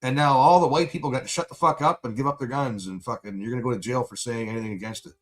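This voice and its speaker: A man venting in a profane, angry livestream rant, buzzed and high. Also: fairly even intonation, fast talker.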